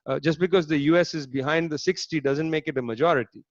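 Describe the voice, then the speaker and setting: Man, fairly high voice, emphatic sardonic lecturer, dry slightly dull online audio. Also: fast, no echo. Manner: sardonic, emphatic, asks the audience rhetorical questions. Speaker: speaker giving a political lecture. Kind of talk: animated lecture talk. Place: online talk, home setup.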